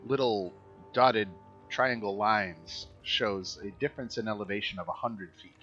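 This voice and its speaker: A man with a fairly low but bright, forward voice narrates as dungeon master, halting on fillers as he checks the rules. The sound is dull and lo-fi over voice chat. Faint music plays behind him. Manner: hesitant, many uh fillers while reading rules. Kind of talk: narrating a tabletop game.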